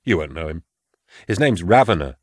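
A man's voice: low voice, very animated, normal speed, husky, dry recording, clean studio sound, exaggerated voice. A man voicing a confident, menacing male assassin who speaks in short, smirking lines. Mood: smug.

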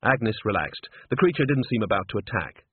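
Husky male audiobook narrator. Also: fairly low pitch, lively intonation, brisk, no echo. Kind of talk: scripted narration. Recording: tinny narrow phone-like sound, dry.

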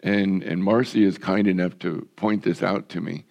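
An older man preaching a sermon as pastor, his voice hoarse and gravelly, earnest and measured, often repeating words. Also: deep voice, flat delivery, a little mellow.

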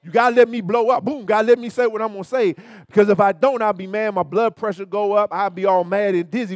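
A man pastor preaching a sermon in an animated, colloquial way, turning often to his listeners with repeated asides. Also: sits high, quick pace, few pauses, dry recording.

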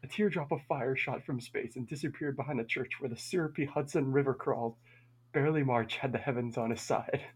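A man's voice: mid-range voice, fairly quick, slightly rough. A man co-hosting a podcast, reading aloud his own overwrought, mock-literary review with dramatic storytelling delivery. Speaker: podcast co-host.

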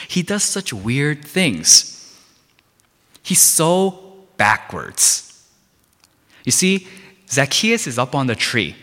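A man's voice: mid-range voice, fairly bright tone. Emphatic male preacher in a reverberant hall. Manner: emphatic, repetitive preaching with rhetorical questions. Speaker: pastor. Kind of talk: sermon. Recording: long reverb of a large hall.

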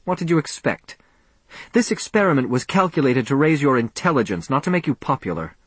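A man's voice: medium pitch, big pitch swings, brisk, fairly bright tone, slightly rough, dry recording, voice pushed up. A man reading an audiobook, voicing an indignant, pompous older professor who scolds and blusters. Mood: scolding. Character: pompous irate male professor.

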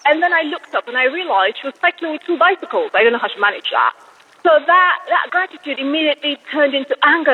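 A woman's voice: sits high, expressive, fast, muffled recording. A woman, calling in and telling a story in a chatty way with many fillers. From England. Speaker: caller. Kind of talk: recorded voicemail to a podcast.

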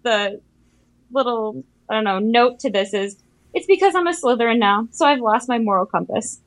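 Playful podcast host woman, bright and dry. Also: on the high side, moderate pace, no echo, rough recording. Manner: playful, steering the discussion. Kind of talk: casual podcast chat.

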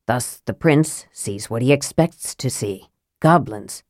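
A cool, calculating young wizard who speaks in flat, measured sentences, as a woman voices him. His voice sits low and even, recorded close and dry like an audiobook read. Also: no room sound, exaggerated voice.

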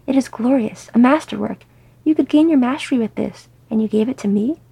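An earnest, touchy young dwarf man, proud and easily embarrassed, as a woman reader gives him voice. The tone is husky and gravelly, mellow and dark. It reads as a storybook character. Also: fairly high pitch, fairly quick, no room sound, heavily acted. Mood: awed.

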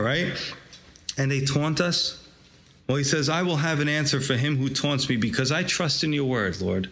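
Higher-voiced man preaching conversationally. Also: normal speed, a bit bright. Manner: asks the congregation frequent rhetorical questions; informal and folksy, addressing listeners as "gang". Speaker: pastor. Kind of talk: conversational sermon with scripture reading.

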